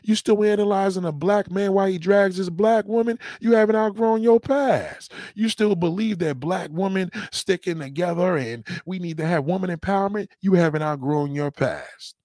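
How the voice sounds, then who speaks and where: Blunt, profane male streamer with a slightly high voice, close and dry, preaching a slow repeated mantra. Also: a little mellow, no room sound. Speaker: livestream host. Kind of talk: motivational livestream rant.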